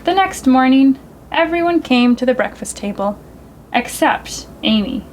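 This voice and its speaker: Expressive woman reading aloud to kids. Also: sits high, a little slow, slight background noise, rough recording. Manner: gentle, expressive, sing-song reading. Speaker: children's librarian. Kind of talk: storytime read-aloud for children.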